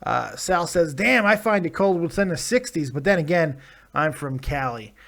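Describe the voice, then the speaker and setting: A man's voice: on the high side, animated, moderate pace, gravelly, a bit bright. A tired man hosting a live reaction stream, casually reading chat comments aloud with plenty of swearing and laughter. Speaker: live-stream show host.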